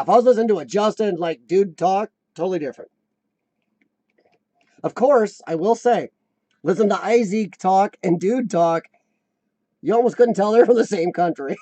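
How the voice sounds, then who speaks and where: A man hosting a casual live chat, rambling and answering viewers, his voice a little rough from lung trouble. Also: sits high, darkish tone, no room sound. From United States. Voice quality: slightly rough voice from lung problems. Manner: rambling, chatty, laughs often, answers viewers by name. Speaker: livestream host.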